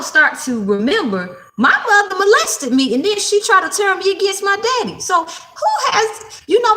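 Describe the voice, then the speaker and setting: A woman in her thirties reads tarot cards in a casual spiritual vlog, blunt, defiant and full of swearing. Her voice sits high and swings widely in pitch. It sounds bright and sharp, and it echoes around the room she records in. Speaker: tarot card reader.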